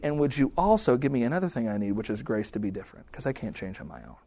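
A man preaching in an easy, conversational way, slipping into little acted-out prayers and remarks as he goes. His voice sits at an ordinary middle pitch. The sound is dry and close, with no room echo. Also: animated, fast talker, few pauses, a little mellow. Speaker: pastor. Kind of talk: sermon.

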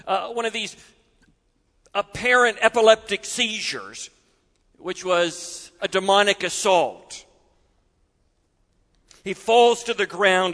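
A man preaching a sermon in an expressive way, acting out voices and often dropping suddenly soft. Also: high voice, long reverb tail.

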